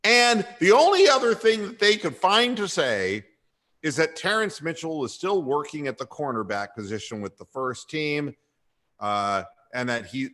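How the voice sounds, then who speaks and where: A man's voice: medium pitch, fairly bright tone. A man hosting a comedic sports talk radio show, sardonic and irreverent, with frequent sighs.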